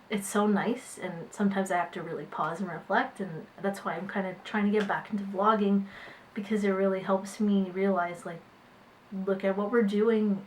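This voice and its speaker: A woman managing artists, talking haltingly to her camera in a casual vlog with many fillers and restarts. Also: mid-range voice, a little hiss or hum, low-quality recording. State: tearful, voice catching.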